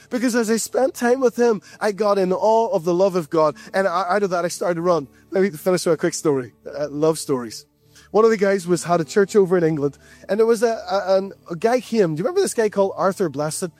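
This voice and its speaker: Brief: male preacher, fairly high voice, earnest and repetitive delivery, dry sound with faint music behind. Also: a little fast, darkish tone, no room sound. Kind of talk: sermon.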